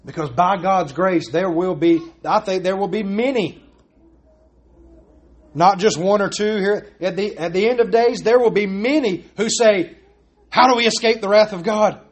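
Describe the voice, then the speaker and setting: A man's voice: high voice, measured pace. A man preaching a sermon as pastor, pressing his points with repeated rhetorical questions.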